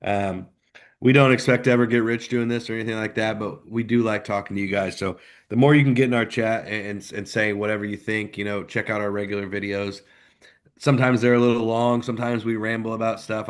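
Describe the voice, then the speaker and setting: A man's voice: lowish voice, steady tone, fairly quick. A man co-hosting a live sports podcast, ranting heatedly, his voice jumping up when he gets worked up. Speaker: podcast co-host.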